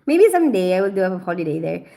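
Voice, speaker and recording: A woman's voice: fairly low pitch, big pitch swings, fast, creaky, dark tone. A middle-aged woman hosting a casual live stream, reading the chat, laughing often and playfully scolding a viewer. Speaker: livestream host reading chat.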